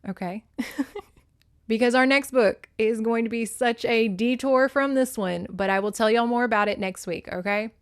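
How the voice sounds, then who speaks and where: A woman hosting a podcast, recapping a book on her phone in an animated, emotional way, swinging between loud and hushed and cursing freely. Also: fairly high pitch, moderate pace. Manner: laughs and curses freely. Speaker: podcast host. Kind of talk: casual book recap monologue.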